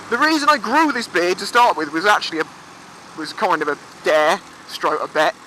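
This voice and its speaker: This casual storytelling vlog features a young English guy in his twenties on a motorbike by the seafront, talking freely, swearing without restraint and acting out quoted voices. He speaks at a moderate pace in a high-pitched, animated voice that's bright and forceful. The low-quality audio has faint traffic and engine noise.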